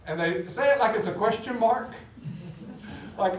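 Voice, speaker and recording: A man preaching a sermon as pastor, animated, with big swings in loudness. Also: high-pitched, normal speed, pauses often, recorded from a distance. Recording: echoey room, voice from off the mic.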